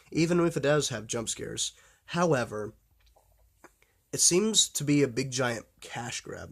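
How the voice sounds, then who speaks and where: A man in mid pitch, talking off the cuff about films he loves. He rambles, trips over restarts and fillers, and swears without a second thought. His enthusiasm keeps pushing him onward. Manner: blunt and profane. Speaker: horror film vlogger. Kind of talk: casual unscripted film talk.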